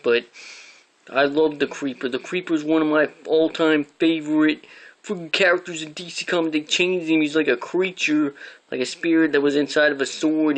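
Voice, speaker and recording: A man's voice: medium pitch, fairly bright tone, rough recording. A man giving casual, rambling comic book reviews, swearing now and then as he talks.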